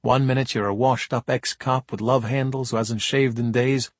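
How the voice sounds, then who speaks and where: A man's voice: mid-range voice, steady tone, moderate pace, no echo. A man reading an audiobook in a dry, wry first-person storytelling manner. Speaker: audiobook narrator. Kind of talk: scripted narration.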